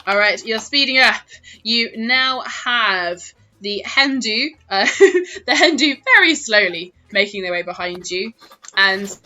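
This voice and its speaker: A woman's voice: medium pitch, lively intonation, slow, pushed and bright. A woman narrating as dungeon master of a tabletop game, laughing often as she talks.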